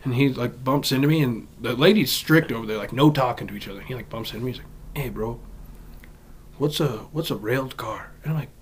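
A young man from Southern California, co-hosting a podcast and telling stories in casual chat, animated and profane. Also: medium pitch, quick pace, a little hiss or hum. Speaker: podcast co-host.

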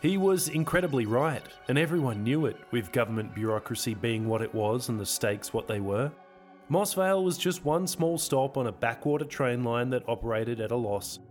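Aussie guy reading his own audio novel, dry measured delivery, mid pitch, soft music under. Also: expressive. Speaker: author and narrator. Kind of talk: audiobook narration.

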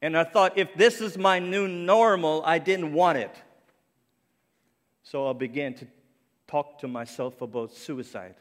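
A middle-aged man from Cape Breton Island preaching an earnest, personal sermon, his speech faintly French-sounding after a stroke, with some restarts. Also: medium pitch. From Cape Breton Island, Canada. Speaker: ministry speaker. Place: church sanctuary. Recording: long reverb of a large church.

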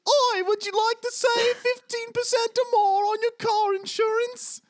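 Shrill British gecko salesman. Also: flat delivery, normal speed, a little hiss or hum. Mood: salesy. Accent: put-on British. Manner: shrill, sing-song sales pitch. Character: shrill British-accented male gecko mascot.

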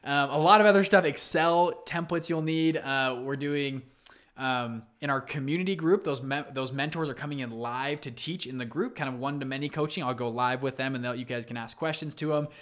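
A man's voice: medium pitch, a little fast. Upbeat young man hosting a podcast. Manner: energetic, chatty storytelling. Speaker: podcast host. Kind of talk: casual solo podcast talk.

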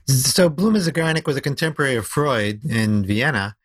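A man who is a guest on a podcast, explaining storytelling in an animated way and slowing down to stress his points. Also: medium pitch, a little hiss or hum. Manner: animated explaining, slows down for emphasis. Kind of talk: conversational podcast interview.

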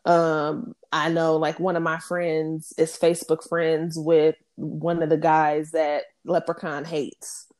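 A woman's voice: low voice, monotone, slow pace, few pauses, a little mellow. A woman in her thirties, co-hosting a podcast, chatting candidly and telling stories with lots of laughter and acted-out quotes. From Western Washington. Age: 30s. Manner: chatty storyteller, laughs often, acts out quotes. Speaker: podcast co-host. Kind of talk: candid casual chat.

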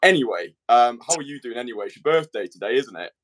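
A man's voice: medium pitch, lively intonation, fast talker, a bit bright. A man hosting his podcast in a rambling, laddish monologue, swearing freely. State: slightly out of breath. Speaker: podcast host. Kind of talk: casual monologue and chat.

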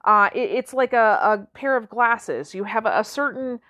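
A woman's voice: fairly high pitch, lively intonation, normal speed, fairly bright tone, dry recording. A woman hosting her own podcast, talking informally and telling a story. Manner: chatty, with many fillers and restarts. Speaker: podcast host. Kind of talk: solo podcast talk.

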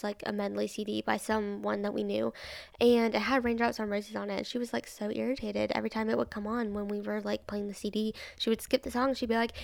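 A woman's voice: mid-range voice, creaky, dry recording. A young woman hosting a podcast episode, chatting casually and rambling through her opinions with lots of fillers and laughter. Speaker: podcast host.

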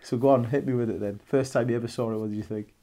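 Chatty Welsh man with a dark voice. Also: mid-range voice, steady tone, rapid-fire. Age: 30s. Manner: chatty, rambling, laughs often. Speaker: podcast co-host. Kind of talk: casual film chat.

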